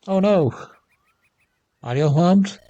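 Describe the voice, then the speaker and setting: A man voicing a kind village wife and mother in a raised, softer voice. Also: high-pitched, expressive, slow, dry recording, muffled recording, pitched above the performer's own voice. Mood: concerned.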